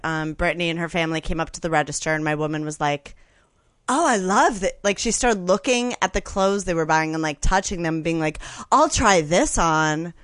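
A woman, a guest comedian, telling a story in a chatty, animated way with lots of fillers. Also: fairly low pitch, moderate pace, no room sound. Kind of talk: casual anecdote telling on a podcast.

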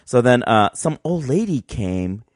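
A man's voice: medium pitch, big pitch swings, measured pace, no echo, clean studio sound. A man from California on a podcast, telling a story with lots of laughing and acting out the other people's voices. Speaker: podcast host. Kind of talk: casual chat, storytelling.

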